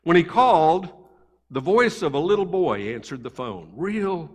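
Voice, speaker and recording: Male pastor, slightly high voice, chatty story-led preaching, lingering church reverb. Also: a little slow. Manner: conversational, animated anecdotes. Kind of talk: sermon storytelling. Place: church sanctuary.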